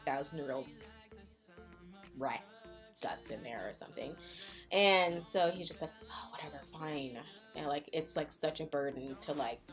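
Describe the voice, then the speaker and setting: A young woman recapping a film in a loose, rambling vlog chat, full of likes and fillers. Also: low-pitched. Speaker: vlogger. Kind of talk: casual movie recap chat.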